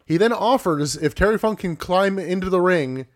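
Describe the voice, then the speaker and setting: A man's voice: high voice, normal speed. Wry man recapping wrestling matches. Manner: recounts matches play by play, wry. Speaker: podcast co-host. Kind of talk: casual wrestling recap chat.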